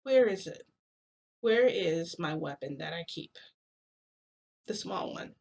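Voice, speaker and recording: A woman's voice: on the low side, expressive, slow, gravelly, a little mellow. A woman casually telling a long story to her viewers, rambling with many fillers. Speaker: vlogger.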